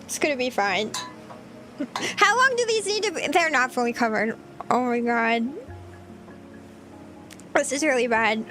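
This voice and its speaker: A woman's voice: fairly high pitch, animated, a little slow, pauses often, pushed and bright, faint music behind. A woman streaming herself cooking, chatting flustered and giggly to her viewers. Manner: giggly, flustered, talks to chat while cooking. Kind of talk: casual livestream chat.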